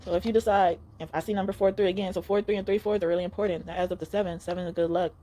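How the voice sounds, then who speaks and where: A woman's voice: lowish voice, fairly even intonation, racing, dark tone, a little hiss or hum. A young woman giving a casual spiritual card reading, talking in an earnest, emotional, pleading way.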